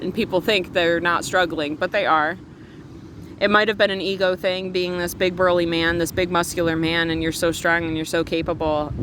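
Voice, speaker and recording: A middle-aged woman telling a story to camera in an earnest, emotional, fast-running casual way. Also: lowish voice. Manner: earnest, emotional, talks fast with run-on retelling. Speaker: spiritual vlogger. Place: outdoors on a windy beach. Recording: wind and surf noise outdoors.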